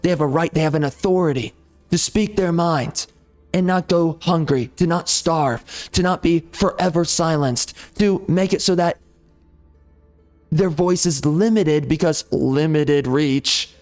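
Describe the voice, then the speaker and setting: A man's voice: a little high, moderate pace, darkish tone, faint music behind. A man ranting heatedly over gameplay, swearing and repeating himself as he argues. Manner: heated, profane, repetitive ranting. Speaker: gaming channel host.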